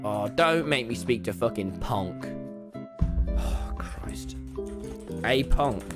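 A young man streaming a game live, loud and excitable, shouting and swearing often. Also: medium pitch, a little slow, loud music behind the voice. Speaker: gaming streamer. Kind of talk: live gameplay commentary.

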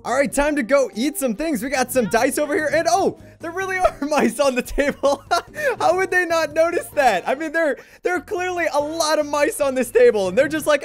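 A man's voice: very high-pitched, a little fast. A man giving playful let's play commentary, making goofy puns and laughing often. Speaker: gaming video creator.

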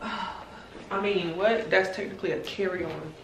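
A woman's voice: lowish voice, a little slow. A woman, venting in a casual vlog about being exhausted before a trip. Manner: tired, venting and exasperated. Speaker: vlogger and hairstylist. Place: in a car, then at home. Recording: noisy phone recording.

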